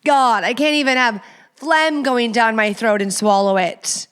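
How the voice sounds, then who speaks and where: A woman in her thirties hosting a podcast, ranting in an animated, profane, exaggerated tone of disgust. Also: a little high, unhurried, clean tone. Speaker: podcast host. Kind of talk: casual comedic rant.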